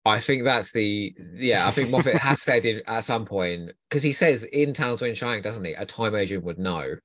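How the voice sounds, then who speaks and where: A man's voice: fairly low pitch, normal speed, no room sound. A man in casual podcast chat, his voice swinging up and down with animation. He sounds keen and a little teasing. The recording is dry and close. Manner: enthusiastic, teasing, lively delivery. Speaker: podcast co-host.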